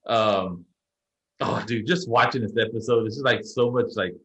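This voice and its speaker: A man's voice: fairly low pitch, moderate pace, lo-fi sound. A young adult man, a podcast co-host, telling a story in casual chat, rambling and swearing freely. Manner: profane, rambling, animated retelling.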